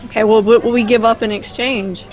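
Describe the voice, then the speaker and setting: A woman's voice: on the high side, steady tone, fairly quick, a little mellow, dull audio. A woman playing in a tabletop game, talking in character with hesitant, self-correcting speech. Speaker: player. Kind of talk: casual in-character role-play.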